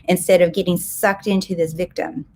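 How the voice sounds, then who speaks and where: A woman's voice: on the low side, level tone, moderate pace, warm tone. Emphatic woman coaching. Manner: emphatic, asks rhetorical questions; acts out inner self-talk in quotes. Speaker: success coach. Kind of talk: coaching talk to camera.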